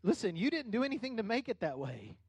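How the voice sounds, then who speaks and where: A middle-aged man preaching a conversational sermon as a pastor, building into animated bursts. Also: sits high, quick pace, slightly rough, dry recording.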